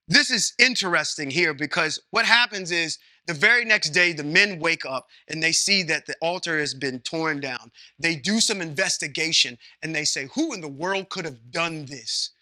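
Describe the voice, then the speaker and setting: Male Bible study teacher, high and sharp-toned, chatty and folksy, keeps checking in with the class. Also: normal speed, no room sound, clean studio sound. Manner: conversational, asks the class questions, checks in with "Okay?"; uses folksy everyday comparisons. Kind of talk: informal scripture teaching.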